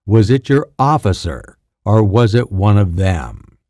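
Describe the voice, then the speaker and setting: A narrator doing a gruff, suspicious soldier for an audiobook, blunt and practical, in a low, mellow voice with a lively lilt. Close, dry sound. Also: male voice, measured pace, no room sound.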